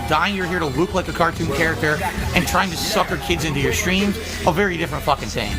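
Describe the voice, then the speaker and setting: High-pitched man ranting over loud music. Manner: profane, heated ranting. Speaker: live streamer. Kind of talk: ranting stream commentary.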